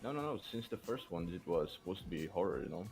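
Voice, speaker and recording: Brazilian man, low playful voice, faint music. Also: big pitch swings, fast, vocal fry, darkish tone. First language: Portuguese. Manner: playful, teasing. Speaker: podcast guest. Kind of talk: casual podcast chat.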